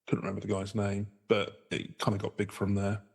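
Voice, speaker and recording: A man's voice: lowish voice, completely flat delivery, a little fast, husky. A man co-hosting a podcast in casual chat, rambling loosely and correcting himself as he goes. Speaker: podcast co-host.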